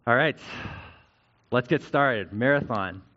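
A man's voice: medium pitch, slow pace, sharp tone, dull audio. A male pastor giving a conversational sermon, often checking in with "right?" as he teaches.

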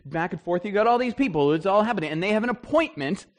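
A man preaching a sermon in a conversational, animated storytelling way, with frequent restarts. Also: high voice, fast talker. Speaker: pastor.

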